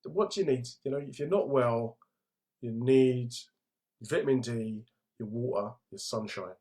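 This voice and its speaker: A man's voice: mid-range voice, unhurried, warm tone. A middle-aged man with a London accent talks through a casual livestream. His manner is laddish and jokey, and he breaks off to read and answer viewer comments in a chatty way. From England. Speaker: comedian hosting a livestream.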